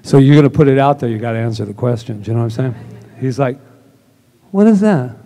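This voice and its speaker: A man's voice: mid-range voice, fairly even intonation, rapid-fire, dark tone. A man giving a casual, conversational sermon at a church service, telling stories and acting out the dialogue. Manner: casual and chatty, acts out quoted dialogue. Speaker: minister.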